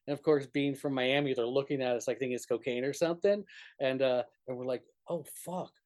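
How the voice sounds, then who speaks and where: A man's voice: mid-range voice, fast talker, darkish tone. A man from northern New Mexico, a touring musician, telling road stories in a rambling way full of "like" and restarts, laughing often. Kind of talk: casual storytelling interview.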